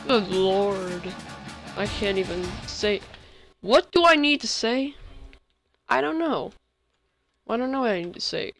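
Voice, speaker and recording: A young male gamer giving rambling, excitable commentary while playing, often breaking into sudden outbursts. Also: high-pitched, a little slow, gravelly, pauses often. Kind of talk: game commentary. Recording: faint music behind.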